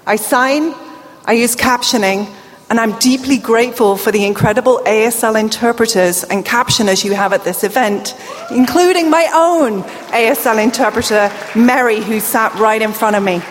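A high-pitched middle-aged woman with a British accent and a slight deaf accent delivers a keynote on stage, teasing and joking with the crowd. Her voice rings through a large hall with a long reverb tail and a faint murmur of room sound. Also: moderate pace, slight background noise. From England. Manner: playful, jokes and banters with the audience. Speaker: keynote speaker. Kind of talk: conference keynote speech.

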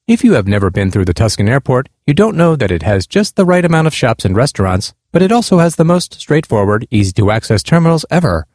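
A man earnestly reading aloud a personal essay about his blind parents' experiences, in a measured tone. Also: mid-range voice, very animated, a little mellow, no echo, clean studio sound. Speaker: speaker on disability awareness.

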